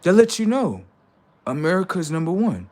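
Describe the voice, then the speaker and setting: Man on a livestream, profane rant, taunting and heated, slightly higher voice with big swings in pitch. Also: sing-song, normal speed. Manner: heated, taunting, swings between loud jeers and low asides. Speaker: livestream host.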